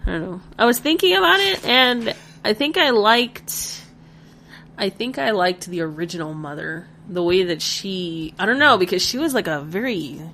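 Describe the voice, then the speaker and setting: A woman co-hosting a podcast in casual chat, animated, swearing, often trailing off unsure. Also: medium pitch, normal speed, a little hiss or hum. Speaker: podcast co-host.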